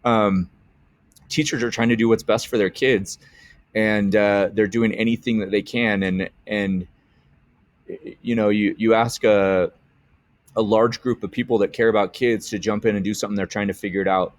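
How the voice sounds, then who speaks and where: A middle-aged man, an educator, talks through a software tutorial on his own channel. His voice sits fairly low, and he speaks earnestly and from the heart, often restarting his sentences. The sound is dry and close, with no room around it. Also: steady tone, moderate pace, no room sound. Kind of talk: screen-share software tutorial.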